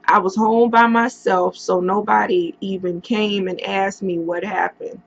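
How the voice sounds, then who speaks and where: Slow, gravelly woman telling a painful story. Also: medium pitch, fairly even intonation, dull audio. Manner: halting, emotional retelling with many pauses and fillers. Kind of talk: casual storytime vlog. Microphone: computer mic.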